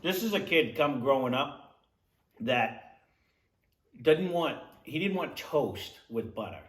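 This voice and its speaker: A man's voice: mid-range voice, expressive, takes it slowly, a bit bright, recorded from a distance. A man co-hosting a casual food review, chatty and opinionated, often reminiscing. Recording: echoey room.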